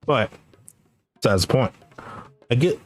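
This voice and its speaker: A young man streaming, telling a rambling, animated story in casual chat and laughing often. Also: medium pitch, unhurried, faint music behind. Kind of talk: casual chat while gaming.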